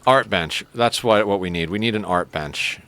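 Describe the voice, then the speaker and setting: Speaking at a moderate pace in a voice on the low side and slightly bright, this game streamer keeps up a chatty, joking live-stream conversation. He addresses both his chat and his cat as he plays.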